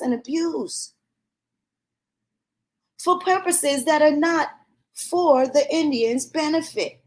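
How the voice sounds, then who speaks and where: Profane ranting woman, high voice. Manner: profane, heated, mocking. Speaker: commentary vlogger. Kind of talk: ranting commentary.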